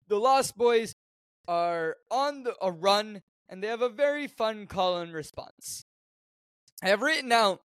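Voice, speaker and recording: A man co-hosting a podcast, casually recapping a film from his notes with animated jokes. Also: sits high, no echo. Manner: animated, joking, reads notes aloud. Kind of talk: casual chat.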